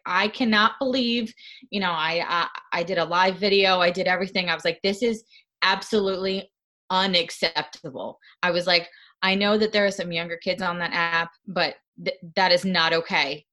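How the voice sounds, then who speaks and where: A woman talking about her dog as an interview guest, speaking earnestly in halting sentences full of fillers and restarts. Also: lowish voice, sharp tone. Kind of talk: casual interview conversation.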